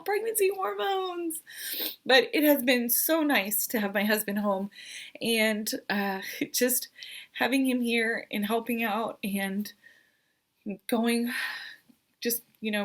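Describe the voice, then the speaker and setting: A woman's voice: medium pitch, fairly bright tone. A pregnant woman in her thirties giving an earnest, emotional vlog update, hesitant and full of fillers. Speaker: vlogger.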